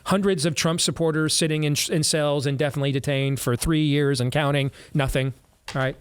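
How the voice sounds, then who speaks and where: A man's voice: a little high, fairly even intonation, a little fast, clear, resonant tone, dry recording. Blunt, sarcastic male talk show host. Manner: blunt and sarcastic, with frequent restarts. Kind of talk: political talk show commentary.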